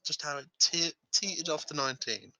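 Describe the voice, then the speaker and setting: A man playing a tabletop game, making slow, low-key asides. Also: bright, forceful tone, dry recording, rough recording. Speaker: player.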